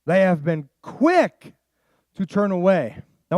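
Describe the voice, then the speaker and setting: Animated preaching man, dry close sound. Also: sits high, moderate pace, no room sound. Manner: animated preaching, swings from quiet asides to loud emphatic passages; casual slang. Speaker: pastor. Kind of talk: sermon.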